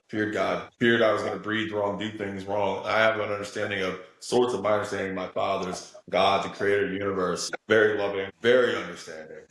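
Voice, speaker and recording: A man speaking as a guest in a spiritual interview, earnest and emphatic, often checking in with "right?". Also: fairly low pitch. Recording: very echoey room.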